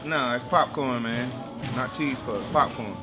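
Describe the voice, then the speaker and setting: Jokey man over loud music. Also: mid-range voice, unhurried. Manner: jokey, teasing. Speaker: camp member. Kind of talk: joking casual interview.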